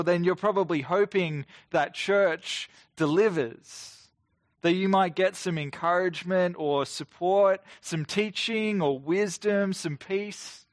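A man's voice: on the high side, no room sound, studio quality. A man in his thirties preaching a livestreamed sermon in an earnest, conversational way, full of questions to the listener. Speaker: pastor. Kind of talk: online sermon. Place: near-empty room, lockdown livestream.

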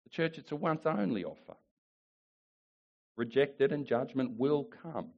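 A male pastor preaching a sermon with emphatic repetition, swinging between rising declarations and quiet asides. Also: mid-range voice, animated, unhurried, dull audio. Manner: emphatic preaching, repeats phrases, rises and drops in volume.

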